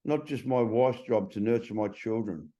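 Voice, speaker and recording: A man's voice: on the low side, moderate pace, dark tone, muffled recording. A middle-aged man in a casual interview. He is a transformation coach who talks bluntly and swears freely.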